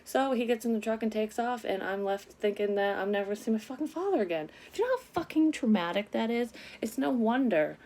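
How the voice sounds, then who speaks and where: A woman's voice: on the high side, expressive, quick pace, few pauses, a little mellow. A woman vlogger candidly telling a personal story in a casual, rambling way, with lots of swearing and frequent self-corrections. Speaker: psychic medium vlogger.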